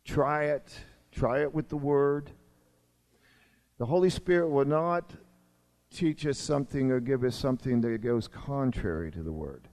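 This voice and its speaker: The sixty-something man, a pastor of long standing, keeps a measured pace as he preaches, his emphasis swinging between pressing, elevated lines and quiet asides in a lower voice.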